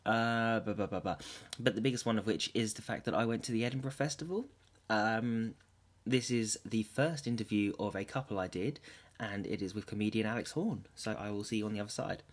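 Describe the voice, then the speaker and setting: A man's voice: lowish voice, brisk. A man hosting a podcast in a festival dressing room, talking in a put-on Australian accent, chatty and jokey with lots of fillers. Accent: mock Australian. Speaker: podcast host. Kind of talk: casual interview chat. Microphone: handheld camera.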